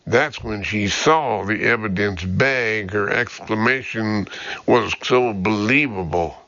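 A man's voice: lowish voice, slow, sharp tone, no room sound, lo-fi sound, heavily acted. A man voicing a determined female ex-cop who pleads her case steadily and earnestly.

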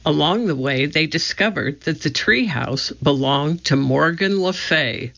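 An audiobook narrator reading a children's storybook in a slow, measured way, on a dull lo-fi recording. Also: mid-range voice, lively intonation, creaky, a bit bright.

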